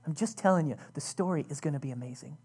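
A woman's voice: sits low, quick pace, a little mellow, husky. A woman pastor giving a conversational, earnest sermon, often restarting her sentences.

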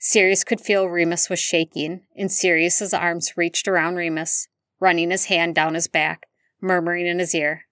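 A woman reading fan fiction aloud in steady, even narration. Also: fairly low pitch, moderate pace, dry recording, studio quality. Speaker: audiobook reader.

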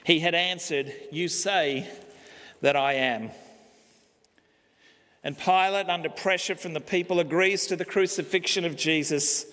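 A male pastor preaching a sermon, slow and emphatic, pausing on key words. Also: a little high, bright, forceful tone. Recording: long hall reverb.

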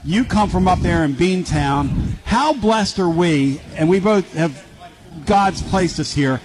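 An excitable man from Philadelphia runs a sports talk radio show and hypes up his guests. His voice sits a little high. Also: slow pace, noisy background.

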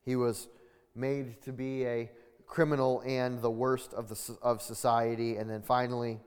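A man preaching a sermon with deliberate, measured teaching and frequent restarts. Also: medium pitch, flat delivery, a little mellow, smooth. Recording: long reverb of a large hall.

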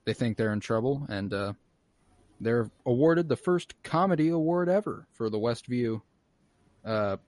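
Male podcast host, casual and sweary, dry mic, mid pitch. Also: unhurried, no room sound. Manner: profane, animated retelling with quoted voices. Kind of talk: casual recap chat.

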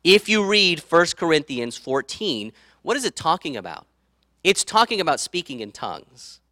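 A man's voice: a little high, sing-song, normal speed, bright, forceful tone, no echo, studio quality. A man preaching a sermon as pastor, conversational, checking in with the congregation and acting out quoted voices. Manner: conversational, tag questions to the audience; acts out quoted speech.

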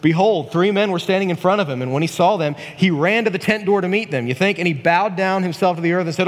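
A man's voice: high voice, fast talker, few pauses, fairly bright tone. A man preaching a casual, joking sermon, folksy and full of asides and restarts, in a church hall.

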